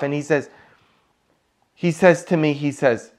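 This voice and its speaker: A man's voice: a little high, normal speed, pauses often. A man preaching a sermon as a priest, telling stories with emphasis and humor. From Poland.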